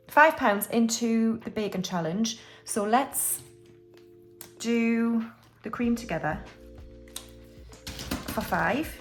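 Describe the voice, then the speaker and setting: Over faint music, a woman who makes budgeting videos counts money into envelopes, her high-leaning voice expressive and slow with long pauses. She chats breezily with offhand asides, though she seems a little under the weather and keeps clearing her throat.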